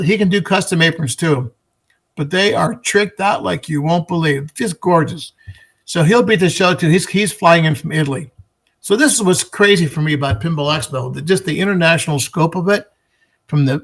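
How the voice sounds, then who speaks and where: Excitable man with a slightly raised voice. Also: on the high side, normal speed. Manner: enthusiastic, promotional, frequent restarts. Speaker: guest, pinball expo organizer. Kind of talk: casual interview chat.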